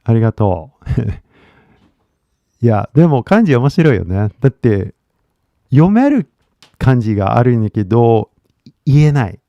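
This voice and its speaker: A man's voice: mid-range voice, big pitch swings, a little fast, pauses often, dark tone, no room sound. Man, Californian accent, casual livestream coach, blunt, swears, rambling, dry close sound, muffled lo-fi audio. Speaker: English coach.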